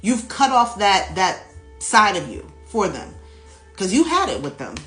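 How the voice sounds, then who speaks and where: A woman reading tarot cards for her viewers in a casual, animated, chatty way, laughing often and speaking straight to them. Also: medium pitch, a little slow. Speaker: tarot reader. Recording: echoey room with faint music behind.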